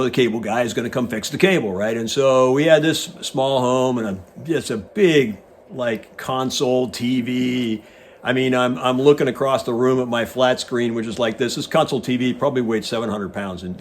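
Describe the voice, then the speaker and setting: A man's voice: mid-range voice, a little hiss or hum. Casting: man, 60s, ex-pilot host spinning a casual yarn in an average, mid-range voice. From United States. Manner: animated storyteller who acts out quoted dialogue. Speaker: guest host, retired Navy pilot. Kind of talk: casual anecdote telling.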